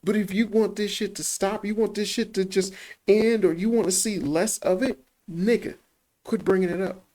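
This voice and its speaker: A man's voice: high-pitched, moderate pace. A man with a Chicago accent giving profane reaction commentary, laughing often as he rants. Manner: animated, laughs often, heavy swearing. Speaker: YouTube commentator.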